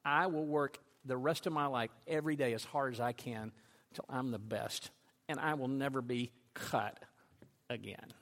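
A man preaching a sermon, telling stories that build to loud, intense peaks. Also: medium pitch, moderate pace, long reverb tail. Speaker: pastor.

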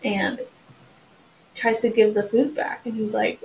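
A woman's voice: on the high side, level tone, a little slow, creaky, a little mellow, slight background noise, rough recording. A woman co-hosting a casual book chat, retelling scenes in a chatty way. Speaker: podcast co-host.

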